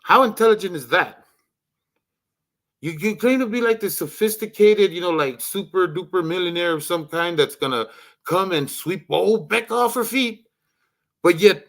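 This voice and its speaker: A man hosting a casual voice chat stream who rambles, swears heavily and breaks into loud rants. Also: sits high, normal speed. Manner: profane, rambling, rants loudly. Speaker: livestream host.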